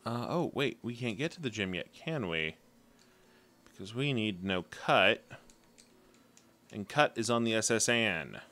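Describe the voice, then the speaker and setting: Game streamer, male, low-pitched, easygoing chatty delivery. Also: animated, measured pace, pauses often, pushed and bright. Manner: chatty, hums to himself while playing. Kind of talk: casual live-stream chat.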